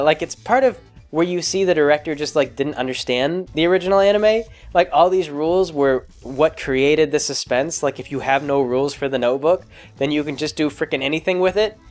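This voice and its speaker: A man's voice: fairly high pitch, brisk. A man hosting a comedic movie recap, rambling and sarcastic, often cutting himself off mid-thought. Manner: rambling, sarcastic, self-interrupting. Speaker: host.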